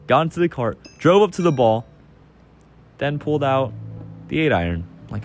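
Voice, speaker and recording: A young man telling a casual personal story over gameplay, excitable and rambling, often repeating his phrases. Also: mid-range voice, normal speed, pauses often, a little hiss or hum. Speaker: channel host.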